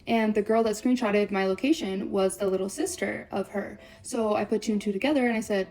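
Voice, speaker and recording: A young woman telling a breakup story on a vlog, blunt and profane, swearing constantly in rapid run-on sentences. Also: medium pitch, darkish tone.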